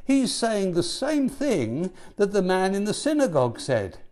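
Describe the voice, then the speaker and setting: Animated male preacher, lively rising voice. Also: high-pitched, measured pace. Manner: animated, rhetorical questions, rising to emphatic peaks. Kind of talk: sermon.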